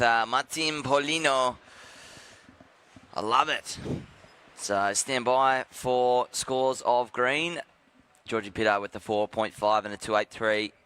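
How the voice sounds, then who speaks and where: A man calls a live surf heat in a bright, smooth voice. He keeps it loose, joking at his own expense between the scores. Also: mid-range voice. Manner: jokey, self-deprecating, relaxed. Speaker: surf commentator. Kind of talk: live sports commentary.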